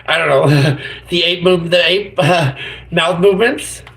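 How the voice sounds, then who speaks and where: Man, YouTuber, high voice, gravelly, silly rambling live chat. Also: unhurried, a bit bright, low-quality recording. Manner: silly, rambling, full of made-up words. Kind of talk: goofy casual live-stream chatter.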